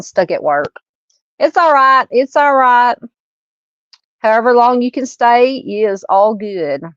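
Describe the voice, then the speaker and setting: A woman's voice: mid-range voice, no room sound, highs cut off. Chatty woman hosting a livestream. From Southern United States. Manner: chatty, greets viewers by name, laughs at her own fumbles. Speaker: true crime livestream host. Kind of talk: casual livestream chat and case reading.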